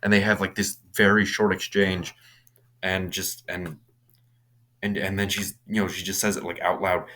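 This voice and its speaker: A man's voice: low voice, little pitch movement, normal speed, sharp tone. A young man casually recapping a horror film, rambling with many restarts and casual swearing. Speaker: movie reviewer.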